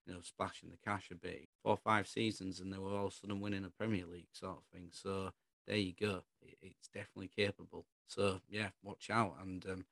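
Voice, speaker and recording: A man's voice: deep voice, flat delivery, a little fast, gravelly, fairly bright tone, no echo. A man co-hosting a football podcast, chatting casually in a rambling, opinionated way.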